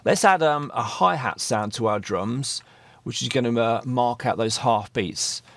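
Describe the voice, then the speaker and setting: A man's voice: medium pitch, measured pace, noisy background. A man teaching a guitar rhythm lesson, patiently counting beats aloud and encouraging the player as he strums. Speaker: music teacher. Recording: loud backing music under voice. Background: guitar and drum track playing.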